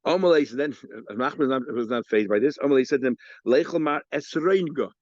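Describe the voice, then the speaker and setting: A man, a rabbi, teaching an informal Talmud lesson, explaining in quick stop-start bursts with many repeated words and restarts. He acts out the sages' exchanges in a raised, mocking pitch. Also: darkish tone, no room sound. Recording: dull, lo-fi lecture recording.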